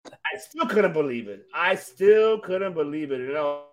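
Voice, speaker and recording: Excitable male podcast co-host, high and very lively pitch, profane, fan energy. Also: unhurried. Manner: animated, excitable, swears freely. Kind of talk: casual wrestling chat.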